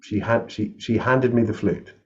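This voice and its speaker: A man, a composer and flute maker, telling a story in a casual chat over a video call, animated and laughing often as he acts out the people in it. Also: fairly low pitch, normal speed. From England. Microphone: webcam on a video call. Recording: slightly dull lo-fi call audio.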